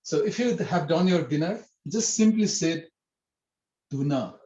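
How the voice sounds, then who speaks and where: A man's voice: a little high, lively intonation, unhurried, mellow. A man teaching an online language lesson, patiently explaining pronunciation step by step and repeating phrases. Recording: echoey, dull lo-fi audio.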